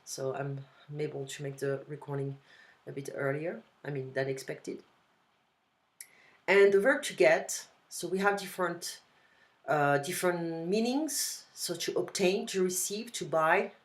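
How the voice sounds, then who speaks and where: In a casual one-on-one video-call lesson, a language tutor with a deep voice and a French accent speaks slowly. She explains to her student and repeats example phrases.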